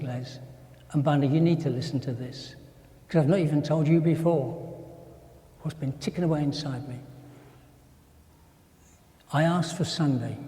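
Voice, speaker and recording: An older man preaches in a church, his voice sitting fairly high yet mellow and warm in tone. He tells a personal story with energy, acting out each exchange in quoted voices. The sound carries a long, hollow reverb from the hall. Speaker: pastor.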